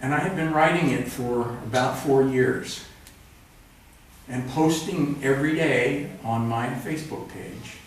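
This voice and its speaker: A man reads his own work aloud at a live event held in a cultural center's event room, plainspoken and wry, with meandering asides between selections. He speaks in a mid-range voice at an unhurried pace. The recording is roomy and live, captured from a distance.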